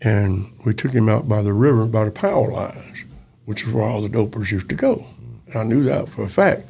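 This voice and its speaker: Gravelly older man. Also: lowish voice, expressive, moderate pace, darkish tone, a little hiss or hum. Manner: folksy, acts out dialogue in quoted voices. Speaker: retired police officer storyteller. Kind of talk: casual storytelling interview.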